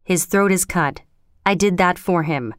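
A woman voicing a blunt male hired killer in a storybook reading, speaking in a flat, matter-of-fact way. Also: on the low side, measured pace, dry recording, studio quality, natural voice.

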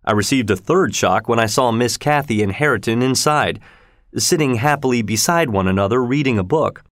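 A man narrating a classic novel in steady, measured audiobook storytelling. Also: mid-range voice, no room sound, clean studio sound.

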